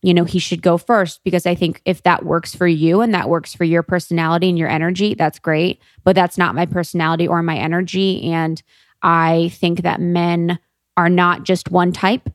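A woman's voice: lowish voice, level tone, normal speed, dry recording, clean studio sound. A woman co-hosting a casual chat podcast, talking freely with plenty of "like" and "you know.". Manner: chatty, fillers of "like" and "you know".

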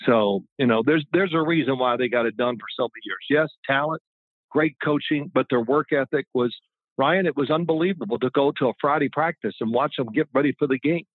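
A man's voice: mid-range voice, fairly quick, no room sound. A man in his sixties, a former quarterback and guest, telling rambling, chatty stories in a casual interview. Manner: rambling, chatty, with frequent restarts. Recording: tinny phone-like line, dry.

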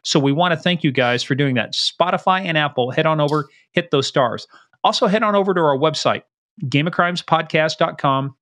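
A man co-hosting a podcast, chatting casually and running through promos in a jokey, quick patter. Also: a little high, fairly bright tone. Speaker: podcast co-host.

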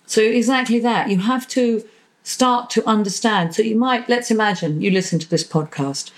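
A woman therapist talking as a podcast guest, animated, acting out little voices in her examples. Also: a little high, moderate pace, rough recording. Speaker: psychosexual and relationship therapist, guest. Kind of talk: conversational podcast interview.

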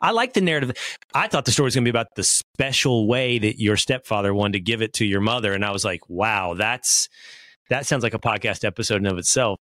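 A man hosting a podcast, talking in a relaxed, chatty way and laughing easily. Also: fairly low pitch, fast talker, no echo, clean studio sound. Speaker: podcast host. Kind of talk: casual chat.

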